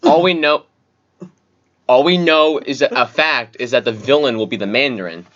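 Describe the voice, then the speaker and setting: A man's voice: medium pitch, moderate pace, fairly bright tone. A man co-hosting a casual podcast, reading out movie details in a chatty way. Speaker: podcast co-host. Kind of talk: casual chat, reading notes. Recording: dull lo-fi audio.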